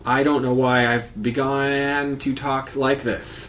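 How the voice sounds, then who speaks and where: Man, podcast host, slow halting delivery, lo-fi recording with faint hiss. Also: mid-range voice, little pitch movement, fairly bright tone. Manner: halting, rambling, many fillers and restarts. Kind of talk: casual monologue recap.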